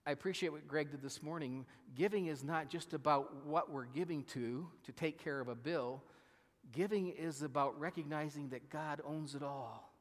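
A man's voice: on the high side, normal speed, in a large hall. A male pastor giving a conversational sermon, often asking his congregation questions. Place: church sanctuary.

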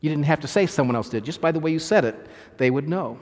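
A man's voice: a little high, fast, darkish tone, in a large hall. A man preaching a sermon as pastor, earnest and emphatic, restarting phrases as he explains scripture.

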